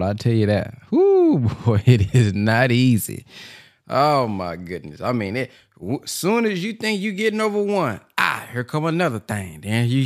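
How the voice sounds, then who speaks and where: A man hosting a call-in, talking loosely and colloquially, laughing easily between remarks. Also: medium pitch. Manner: lively, laughing, Southern-style colloquial. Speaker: host.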